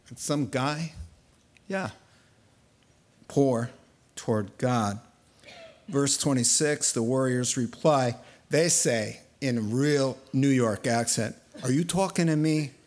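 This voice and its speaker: A man preaching a sermon, telling the story in a lively way and acting out the voices he quotes. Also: mid-range voice, slow pace, pauses often. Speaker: pastor.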